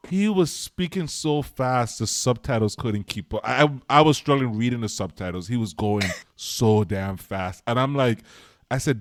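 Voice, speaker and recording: Co-host, male, mid pitch, lively and exasperated, dry close sound. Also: normal speed, no room sound. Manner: emphatic, exasperated critic. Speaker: podcast co-host. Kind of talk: casual movie discussion.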